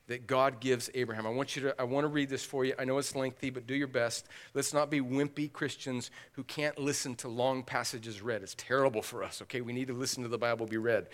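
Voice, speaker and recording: A male pastor preaching an expository sermon, animated and acting out the dialogue of Bible stories. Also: medium pitch. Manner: animated, acts out Bible dialogue with dramatic voices.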